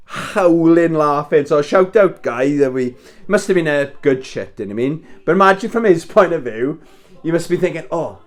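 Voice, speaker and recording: A man's voice: high voice, expressive, normal speed. A Welsh man in his thirties telling a rambling story in casual chat, swearing and laughing as he wraps presents at home. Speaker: vlogger.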